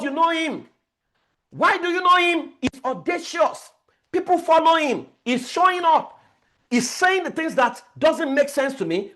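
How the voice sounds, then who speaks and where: A man's voice: very high voice, a bit bright. A man, a family life coach giving an emphatic motivational training lecture, repeating key words as he tells stories.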